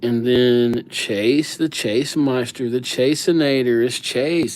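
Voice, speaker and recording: A man's voice: mid-range voice, slow, hardly any pauses, darkish tone. A man hosting a casual livestream, chatting loosely with viewers and riffing on their names with silly nicknames. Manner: laid-back, slangy banter with viewers.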